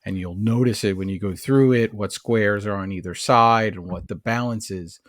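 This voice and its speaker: In a casual film discussion on a podcast, a male co-host picks apart a movie in a rambling, analytical way, full of fillers and restarted sentences. He has a lowish voice at a moderate pace, captured in studio quality with no room sound.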